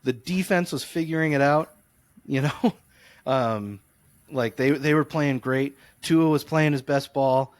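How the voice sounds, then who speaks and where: A man co-hosting a podcast, telling long, animated, rambling stories in casual sports chat. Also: on the high side, unhurried, no echo. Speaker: podcast co-host. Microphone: close podcast mic.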